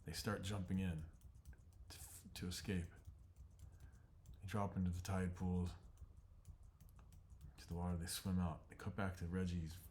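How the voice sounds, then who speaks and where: A man narrating an animated storyboard pitch in terse present tense, shot by shot, dropping into voices. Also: moderate pace, long pauses, slight background noise. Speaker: storyboard artist.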